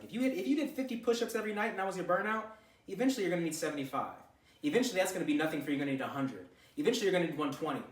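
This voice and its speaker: A man's voice: on the high side, fairly bright tone. A man ranting to camera with blunt, profane gym advice, lecturing the listener. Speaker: vlogger giving gym advice. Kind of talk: unscripted talking-to-camera rant. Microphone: camera mic. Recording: echoey room, far from mic.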